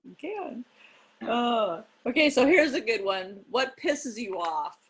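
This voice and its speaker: A woman interviewing a coach, giving brief, relaxed prompts. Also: fairly high pitch, takes it slowly, slightly rough, low-quality recording. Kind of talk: casual interview questions.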